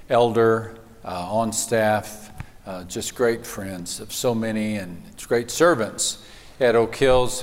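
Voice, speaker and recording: A man's voice: on the low side, in a large hall. A man, a pastor preaching a sermon and telling folksy stories with hesitant fillers.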